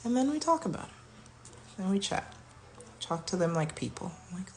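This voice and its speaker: A woman around forty, talking candidly and warmly about her self-healing in a casual vlog, sometimes dropping to a soft whisper. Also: medium pitch, very animated, normal speed, long pauses, slight background noise. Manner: chatty, candid, self-affirming. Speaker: vlogger.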